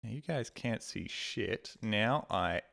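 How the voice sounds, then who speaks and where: A low-pitched man talks casually to his stream chat from home. He rambles, swears freely and pokes fun at himself, speaking into a desk mic. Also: expressive, slow pace, creaky, fairly bright tone. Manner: rambling, sweary, self-deprecating.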